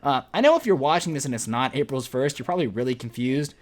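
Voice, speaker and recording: Animated young man telling a story. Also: mid-range voice, fast. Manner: animated, jokey storytelling with slang. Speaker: vlogger. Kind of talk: storytime vlog.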